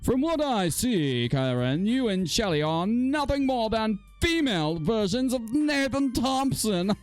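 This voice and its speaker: A smug, sneering woman flat earther who swings her high voice around with self-satisfied contempt, as a man mocks her. It is recorded dry and up close, with soft music in the background. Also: no echo, exaggerated voice. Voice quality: mocking falsetto.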